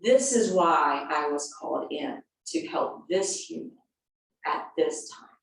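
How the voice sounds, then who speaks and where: A woman yoga teacher telling a personal story in an earnest, animated way, then leading a class into a seated stretch. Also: low voice, takes it slowly, slight background noise. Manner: earnest and animated, acting out quotes. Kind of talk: storytelling and guided yoga instruction. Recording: very echoey room, voice from a distance.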